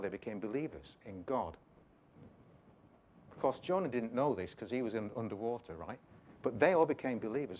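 A man's voice: mid-range voice, a little mellow, a little hiss or hum. A man giving an informal, jokey sermon, retelling a Bible story with chatty asides. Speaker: preacher.

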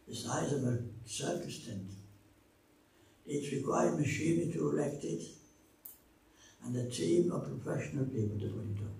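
An older man preaching a sermon and telling a story from his own life, slow and dramatic, with his pitch and loudness swinging widely. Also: vocal fry. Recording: echoey hall, speaker far from mic, faint noise.

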